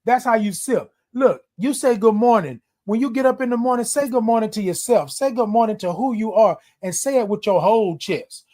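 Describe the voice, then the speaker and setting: Streaming his morning show live on social media, a host talks casually in a high, mellow voice, fairly quickly and with few pauses. He greets his viewers by name in a warm, repetitive, preacherly style.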